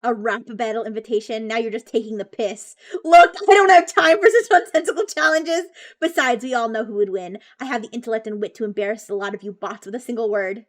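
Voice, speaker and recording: A man's voice: extremely high pitch, lively intonation, a little fast. A text-to-speech voice playing a snobbish male robot fish doctor who talks in a pompous, condescending way. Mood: haughty. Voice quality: clipped, haughty, condescending.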